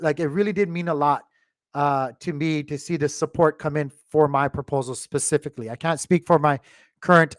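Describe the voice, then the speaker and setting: A man's voice: a little high, no echo, clean studio sound. A man hosting a crypto channel, talking casually to his viewers with many restarts and fillers, choked up with emotion.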